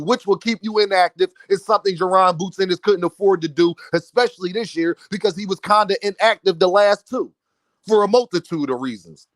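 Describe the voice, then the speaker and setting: A man with a high voice delivers opinionated boxing commentary. He speaks emphatically and addresses his audience directly. The sound is close and dry, with no room around it. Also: no room sound. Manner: emphatic, talks straight to his viewers.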